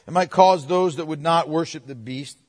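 A man preaching a sermon, moving between forceful proclamation and hushed, playful asides to the congregation. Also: fairly high pitch, moderate pace, in a large hall. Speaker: pastor.

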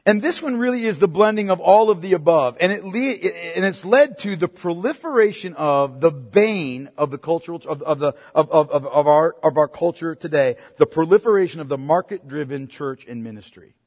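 This pastor's voice sits on the high side, animated and darkish, moving at a moderate pace with few pauses. He preaches emphatically in a church sanctuary, asking the congregation rhetorical question after rhetorical question, and the big hall lends a long reverb.

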